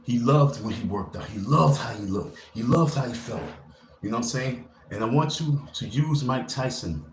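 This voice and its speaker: A man's voice: mid-range voice, expressive, moderate pace. A man hosts a casual live stream with a rambling, slangy pep-talk delivery, and his voice sits in a mid register. The room around him rings with echo. A faint ambient hum stays in the background. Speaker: livestreamer. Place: indoor room.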